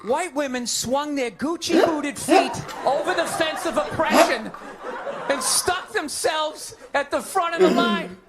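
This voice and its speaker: A stand-up comedian rants and shouts through his routine in a high, strained register. Loud audience laughter roars behind him throughout the live show recording. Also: lively intonation, measured pace. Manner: ranting, shouting punchlines. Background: crowd laughing.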